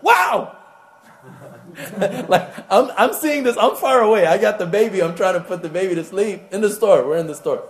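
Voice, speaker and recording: A man with a high voice preaches to a gathered audience and shifts easily into acted-out voices as he tells his stories. He recites Arabic verses at a rapid clip between the plainer passages, and a faint hiss sits under the recording. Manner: animated storytelling with acted-out voices. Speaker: imam. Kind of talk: sermon to a live audience.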